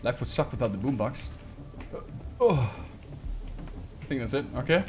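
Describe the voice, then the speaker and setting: A man's voice: mid-range voice, very animated, moderate pace, a little mellow, a little hiss or hum. A young man streaming a game live, reading item texts aloud with joking asides. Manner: reads item text aloud with jokey asides. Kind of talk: live game playthrough commentary.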